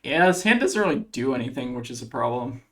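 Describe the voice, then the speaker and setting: A man's voice: mid-range voice, expressive, fairly quick, fairly bright tone. A man commentating his own card game match, thinking aloud as he weighs each play, with plenty of fillers. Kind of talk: casual gameplay commentary.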